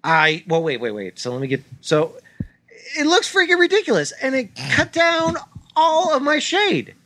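A man co-hosting a comedy podcast, telling a story in an exasperated, swearing, animated way. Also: extremely high pitch, normal speed, no room sound. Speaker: podcast co-host. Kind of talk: casual chat, ranting story.

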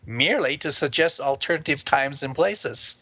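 A man's voice: on the high side, lively intonation, normal speed, bright, forceful tone, slightly rough, no echo. A man co-hosting a comedy podcast, reading out news items in a plain, matter-of-fact way.

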